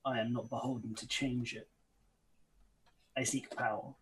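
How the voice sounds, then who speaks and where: A practical, power-hungry adventurer, as a man plays him in a tabletop game. He makes his case in a measured, persuasive way. His voice is very husky. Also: mid-range voice, little pitch movement, poor audio. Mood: earnest.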